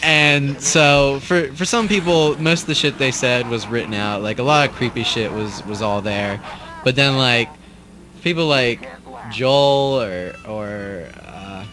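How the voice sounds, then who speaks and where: A young man talks through a commentary track in a relaxed, meandering way. His voice sits in an ordinary middle pitch. He swears casually and trails off often. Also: unhurried. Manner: rambling, loose, swears casually. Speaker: cast member doing commentary.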